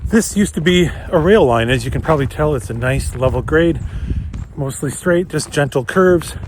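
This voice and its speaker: Here the Minnesota vlogger is again out on a winter trail, slightly breathless as he hurries along and talks enthusiastically to viewers about geocaching. His slightly high, mildly mellow voice has lively intonation and a normal pace, with a little background noise.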